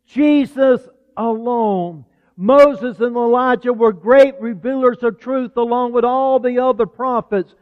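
High-voiced preacher in an echoing hall. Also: male voice, steady tone. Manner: conversational preaching, slows for emphasis. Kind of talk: sermon. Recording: tinny phone-like sound with long hall reverb.

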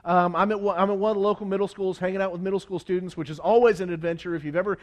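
A man preaching to a congregation, telling a story in an animated way with many stumbling restarts and acted-out quotes. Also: high voice, racing, muffled recording.

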